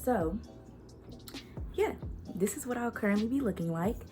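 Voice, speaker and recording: With a slightly high, expressive voice at normal speed, a young woman talks to camera from her bedroom. Her vlog chat is relaxed and full of slang, and music plays behind her.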